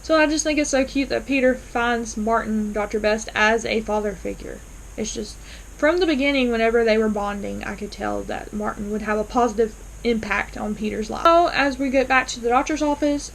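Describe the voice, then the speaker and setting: A woman's voice: fairly high pitch, slight background noise, rough recording. A woman casually recapping and reacting to a TV episode, enthusiastic and full of fillers as she retells scenes. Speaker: TV episode reviewer.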